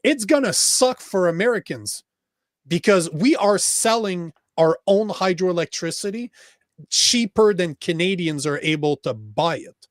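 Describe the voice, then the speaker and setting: An emphatic man with a Quebec French accent, talking politics on a podcast with a fairly high voice. He swears freely and restarts sentences as he pushes his point. The sound is dry and close. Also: lively intonation, measured pace, no room sound. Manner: emphatic, profane, restarts often. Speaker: podcast host. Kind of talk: casual political chat.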